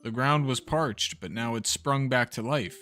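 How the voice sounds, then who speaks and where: A man voicing an older male professor in a put-on old-man voice, reading game dialogue on a stream, wistful and slow. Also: mid-range voice, sharp tone. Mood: pleased.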